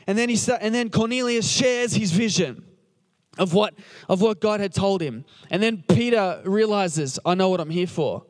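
A man's voice: high-pitched, normal speed. A man preaching casually, retelling a Bible story in a chatty, joking way and acting out the characters' lines. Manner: conversational, jokey, acts out the characters' lines. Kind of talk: casual sermon retelling scripture.

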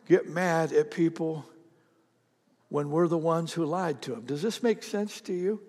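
A man's voice: fairly high pitch, normal speed. A man preaching a sermon, telling stories with acted-out voices and calling on the congregation to respond. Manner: animated storytelling, acts out voices, asks the congregation to respond. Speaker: pastor. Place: church hall with congregation. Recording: reverberant hall.

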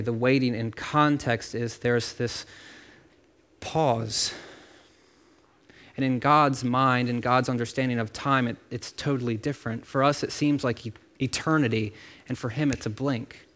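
A man's voice: medium pitch, fairly bright tone. A man preaching a sermon in a casual, conversational way, with frequent asides and repeated words. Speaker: pastor.

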